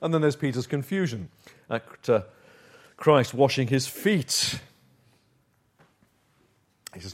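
A middle-aged man preaching a sermon, dropping to quiet low asides and rising to emphatic points. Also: expressive, unhurried, long pauses. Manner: shifts between soft, low asides and emphatic, raised points.

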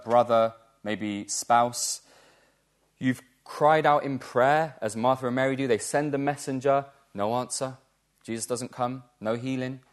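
A man preaching a sermon in a church, earnest and emphatic, repeating key words for stress. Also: mid-range voice.

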